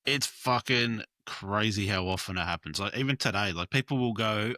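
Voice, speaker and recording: Rambling man, low bright voice. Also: normal speed, hardly any pauses, no room sound. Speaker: graffiti and mural artist, guest. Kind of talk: casual chat.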